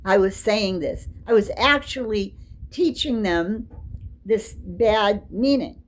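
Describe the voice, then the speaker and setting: An older woman giving an informal, chatty lecture, quick to get excited. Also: medium pitch, poor audio. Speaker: teacher.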